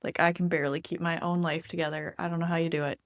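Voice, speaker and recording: A woman co-host chatting casually on a podcast, upbeat and quick to laugh. Her voice sits fairly low and the recording is dry and close. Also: little pitch movement, no room sound. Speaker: podcast co-host and enneagram coach. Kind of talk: casual chat.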